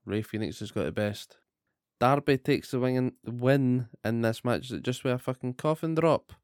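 A man's voice: mid-range voice, clean tone, no echo, clean studio sound. A man co-hosting a casual wrestling recap podcast, swearing often and ranting animatedly. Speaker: podcast co-host.

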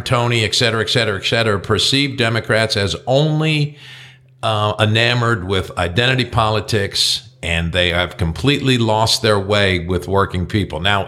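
A man's voice: fairly low pitch, sharp tone. A man co-hosting a casual political talk show, blunt and swearing freely, trailing off into restarts. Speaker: podcast co-host.

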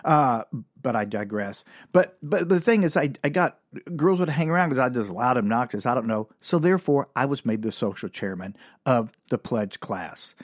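A man's voice: medium pitch, expressive, moderate pace, no room sound, clean studio sound. A middle-aged man, hosting a podcast and telling a comic story in a rambling, self-mocking way, chuckling often and swearing casually.

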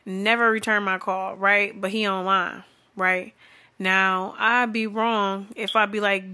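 Bright-voiced woman ranting bluntly. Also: medium pitch, steady tone, normal speed. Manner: blunt, profane, exasperated, often laughing. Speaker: vlogger. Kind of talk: unscripted comedic rant.

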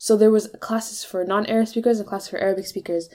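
A young woman co-hosting a casual podcast, an animated storyteller who jumps between tangents. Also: mid-range voice, racing. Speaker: podcast host.

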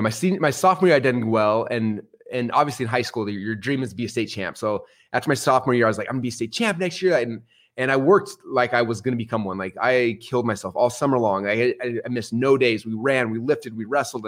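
A middle-aged man, a podcast guest, telling stories in a casual, animated way. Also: medium pitch. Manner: animated, swings into excited outbursts. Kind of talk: casual storytelling.

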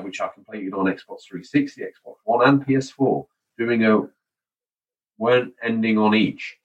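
A man hosts a relaxed podcast, talking in a chatty, wry way and reading listener messages aloud. His voice sits a little on the low side. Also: rough recording. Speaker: podcast host.

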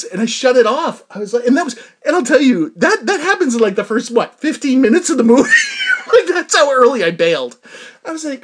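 A man's voice: very high-pitched, huge pitch swings, brisk, a bit bright, slightly rough. A young man ranting casually and comically, exasperated and laughing often, with lots of fillers. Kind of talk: casual comedic rant.

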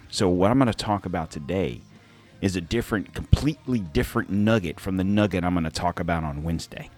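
A man hosting a podcast in a casual, rambling monologue, laughing and correcting himself as he goes. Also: low voice. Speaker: podcast host.

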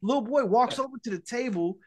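A man's voice: very high-pitched, fairly quick, darkish tone. A man hosting a podcast, casually and profanely retelling a horror film scene with lots of fillers and acted-out lines. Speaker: podcast host.

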